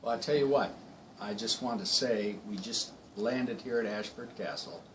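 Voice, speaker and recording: A man's voice: lowish voice, normal speed, a little hiss or hum, low-quality recording. A middle-aged man talking enthusiastically in a casual travel vlog, repeating phrases for emphasis. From United States. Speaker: vlogger traveling with his wife.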